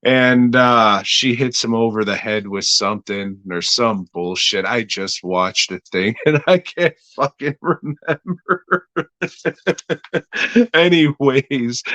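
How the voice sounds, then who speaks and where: A man's voice: medium pitch, fairly bright tone, no room sound. A man reviewing a horror episode in casual, rambling podcast talk, crude and offhand.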